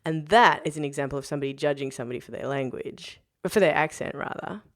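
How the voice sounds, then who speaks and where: A woman co-hosting a podcast in casual chat, animated, laughing often and restarting sentences. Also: deep voice, fast. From Australia. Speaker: podcast co-host.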